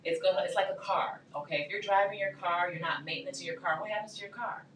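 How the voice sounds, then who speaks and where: Low-voiced woman guest, echoey room. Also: steady tone, fast talker, a crowd in the background. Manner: explaining, uses simple comparisons. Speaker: guest speaker. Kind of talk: casual studio discussion. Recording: echoey studio, mic at a distance, faint hum.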